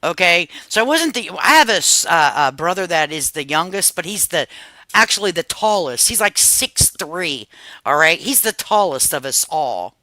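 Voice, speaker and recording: A woman's voice: fairly low pitch, big pitch swings, moderate pace, bright, forceful tone, dry recording, poor audio. A woman in her fifties chatting casually on a livestream, telling family stories with a lot of cursing and laughter. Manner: profane, laughing storyteller. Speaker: livestream host.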